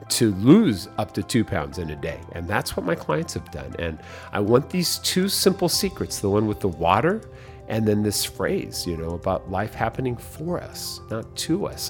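A man hosting a podcast, giving an upbeat motivational coaching talk and repeating his key phrases. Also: fairly low pitch. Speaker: podcast host.

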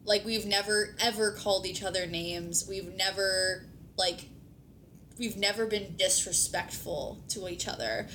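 A woman's voice: steady tone, a little slow, bright, forceful tone. A woman hosting a podcast, chatting casually with her partner, filling her speech with "like" and swearing now and then. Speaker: podcast host. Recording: noisy recording with low rumble.

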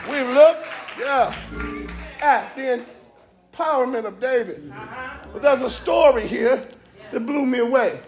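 A man preaching a fiery sermon as a visiting pastor in a church, driving call-and-response runs and shouting the peaks. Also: very high voice, a little slow, pauses often, music in the background, crowd noise. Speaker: guest preacher. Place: church sanctuary with congregation.

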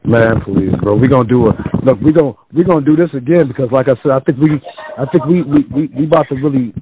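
A man's voice: medium pitch, noisy background. A man hosting a podcast in casual chat, hyped and profane, leaning hard on his words. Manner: profane, hyped, drawn-out emphasis. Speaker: podcast host. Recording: muffled with a crowd behind.

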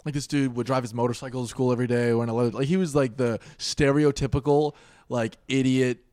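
A man's voice: medium pitch, fast, no room sound, studio quality. A young man in casual chat, telling stories with lots of laughter and acting out voices. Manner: animated storyteller who acts out voices with loud laughs.

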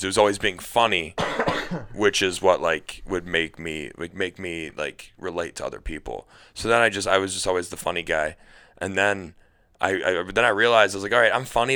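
Bright-voiced young man, rambling comedian chat. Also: deep voice, smooth. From Cleveland, Ohio. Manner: rambling, full of "like" and restarts, laughing. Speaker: comedian guest. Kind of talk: casual podcast chat.

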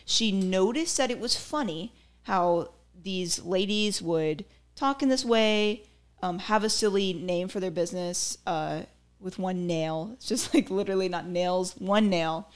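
A woman's voice: mid-range voice, a little slow. A woman podcast host breaking down a comedy routine in casual, opinionated commentary that turns into rants, with lots of "like" and "um.". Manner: opinionated, ranting, filler-heavy.

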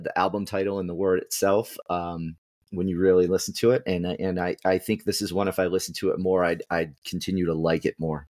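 A man co-hosting a music review podcast, talking in a relaxed, rambling way with many fillers. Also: sits low, no room sound, clean studio sound. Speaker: podcast co-host. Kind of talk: casual music review chat.

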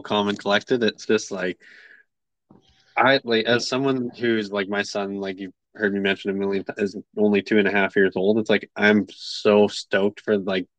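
A man hosting a podcast, talking earnestly and haltingly in casual chat. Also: lowish voice, fairly bright tone, no echo. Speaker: podcast host. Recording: dry, dull lo-fi audio.

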